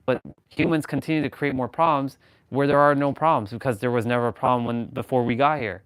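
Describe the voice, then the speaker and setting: A man in casual conversation, talking in loose, rambling runs full of restarts and fillers. His voice sits in a middle pitch range. It is recorded dry and close, with no room sound. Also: fairly even intonation, quick pace, clean tone, no echo. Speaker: host. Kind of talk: casual chat.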